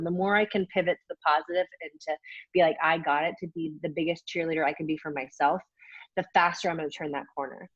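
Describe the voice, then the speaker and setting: A woman's voice: fairly low pitch, fairly even intonation, brisk, no echo. A woman in her forties, an athlete guest in a casual interview, talking candidly and enthusiastically with lots of fillers. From United States. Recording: dull, dry lo-fi call audio.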